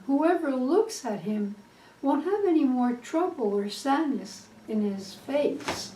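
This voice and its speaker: Slow, earnest woman preaching. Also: high-pitched, lively intonation, mellow. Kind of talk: sermon. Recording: echoey room, distant mic.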